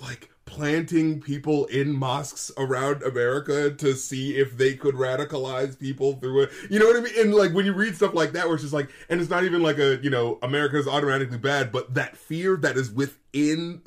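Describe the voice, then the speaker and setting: A man's voice: medium pitch, steady tone, normal speed. A man co-hosting a casual podcast chat, rambling animatedly and laughing a lot. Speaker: podcast co-host.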